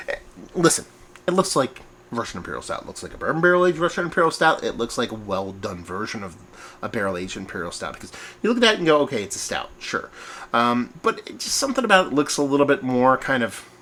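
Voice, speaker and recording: A man talks fast at a medium pitch. As the host of his own beer review vlog, recorded at home indoors, he rambles in a chatty, animated way and jokes at his own expense.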